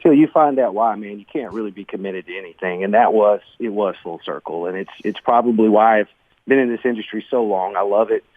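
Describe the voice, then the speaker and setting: A middle-aged man talks earnestly through his own story, often saying "man" and "bro." His voice sits a little low. It comes through a thin, phone-like line in a dry space. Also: brisk, no room sound. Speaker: guest, business owner. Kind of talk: conversational interview storytelling. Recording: tinny phone-like sound.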